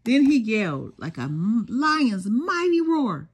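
An older woman reading a children's storybook aloud, slow and sing-song with dramatic pauses and a softly breathy voice. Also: fairly high pitch, very animated. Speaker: storybook reader. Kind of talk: expressive children's read-aloud.

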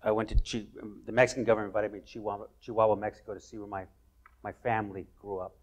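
A man hosting an onstage conversation at a college event, telling stories in an animated, playful way. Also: on the low side, racing. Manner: animated storyteller, playful asides. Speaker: host.

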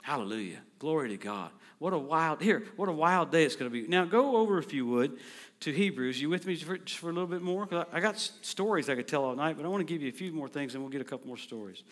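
Male preacher, middle-aged, lively storytelling sermon, slightly higher voice, loud acted-out quotes. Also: fast. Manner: storytelling, animated, acts out quotes loudly. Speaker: traveling preacher.

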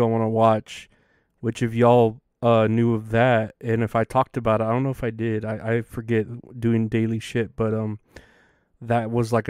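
A man's voice: medium pitch, a little mellow, smooth, no room sound, clean studio sound. A young man hosting a solo podcast, rambling casually with lots of swearing and laughter. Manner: rambling and profane, laughs often. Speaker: podcast host.

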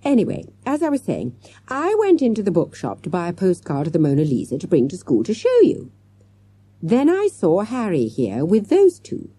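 A woman's voice: lowish voice, huge pitch swings, normal speed, warm tone, slightly rough, no room sound, pitched above the performer's own voice, heavily acted. A woman reading an audiobook and voicing a dramatic, emotional female schoolteacher in a theatrical, gushing manner.

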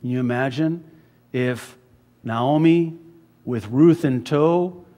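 A man preaching a sermon as pastor, dropping to hushed words and rising to loud emphasis. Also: mid-range voice, takes it slowly, long reverb tail. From USA. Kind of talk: expository sermon. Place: church sanctuary.

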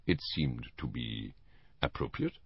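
Elderly detective, theatrical, precise, read by a man, lively, dry sound. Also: a bass voice, slow pace, slightly rough, no room sound, highs cut off, pitched below the performer's own voice, full character voice. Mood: teasing. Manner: precise, theatrical, with French phrases. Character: fussy elderly male Belgian detective, playful.

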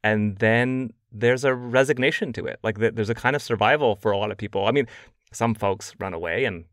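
A man, a journalist guest on a podcast, speaking reflectively and haltingly as he searches for words. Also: on the low side, a bit bright, dry recording, clean studio sound. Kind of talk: podcast interview conversation.

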